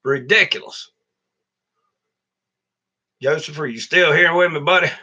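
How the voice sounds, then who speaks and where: A middle-aged man hosts a casual livestream and grumbles through trucking stories. He is blunt and profane. His voice sits a bit high and has a very bright, cutting edge. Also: a little slow, highs cut off. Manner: blunt, profane, complaining storyteller. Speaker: truck driver and channel host.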